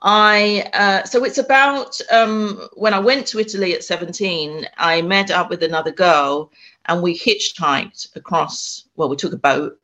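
Halting woman telling her story. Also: lowish voice, fairly even intonation, pushed and bright. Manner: halting, many restarts and ums. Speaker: author and spiritual medium. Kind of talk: casual interview storytelling.

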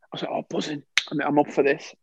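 A man's voice: a little high, level tone, fast, vocal fry, muffled recording, a little hiss or hum. A young man and former footballer telling stories in casual podcast chat, laughing often and acting out what people said. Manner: chatty storyteller, laughs often, acts out quoted lines.

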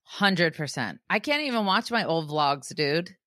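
A woman's voice: deep voice, big pitch swings, unhurried, fairly bright tone, dry recording, studio quality. A young woman co-hosting a podcast, chatting casually with hesitant fillers and slangy asides. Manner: hesitant, uses filler words, says dude. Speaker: podcast co-host. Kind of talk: casual chat.

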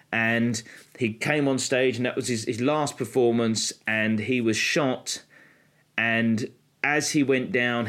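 Man telling stories, slowing for drama. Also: mid-range voice, fairly bright tone. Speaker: podcast co-host explaining magic history. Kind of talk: casual podcast storytelling.

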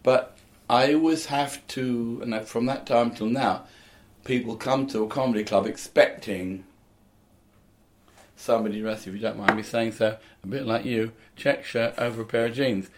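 A man's voice: mid-range voice, moderate pace. An older man from England, a comedian and musician, telling rambling anecdotes in a casual interview.

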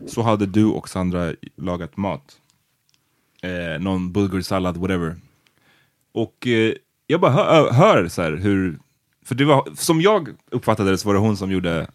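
A man's voice: low-pitched, animated, moderate pace, dry recording, studio quality. A man co-hosting a podcast in casual chat, teasing his co-host and mixing Swedish with English.

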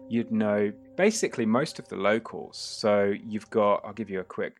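A man narrating a tabletop game as game master, casual and prone to quick restarts. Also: fairly low pitch.

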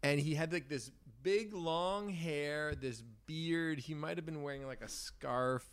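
A man speaking as a podcast guest, talking things through in a relaxed casual way. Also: fairly high pitch, measured pace, clean tone, dry recording. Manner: relaxed, thinks aloud. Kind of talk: casual chat.

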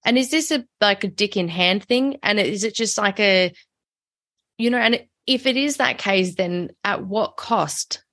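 Lady host in a chat interview, mid pitched, reacts openly, dry close mic. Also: a little slow, fairly bright tone, no room sound. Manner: reactive and emotionally open. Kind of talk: conversational interview.

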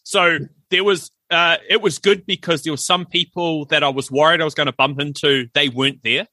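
A man's voice: on the high side, steady tone, moderate pace, sharp tone, dry recording. A middle-aged man, co-hosting a casual podcast and telling stories animatedly, acting out the voices he quotes. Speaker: podcast co-host. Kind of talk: casual chat.

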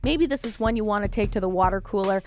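A woman's voice: mid-range voice, fast, darkish tone, faint music behind. Wry woman hosting a news roundup. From Canada. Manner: wry, joking asides. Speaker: podcast host.

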